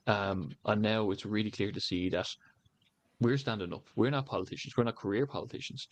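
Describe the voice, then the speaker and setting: Rambling Irish man, low voice. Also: a little fast. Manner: rambling, many "you know" fillers. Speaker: election candidate canvassing. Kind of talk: casual interview talk.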